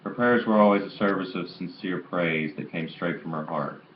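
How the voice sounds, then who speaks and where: A man's voice: sits low, normal speed. A man reading a novel aloud in an amateur way, stumbling and restarting on some words, on a dull lo-fi recording with faint hiss. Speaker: audiobook reader.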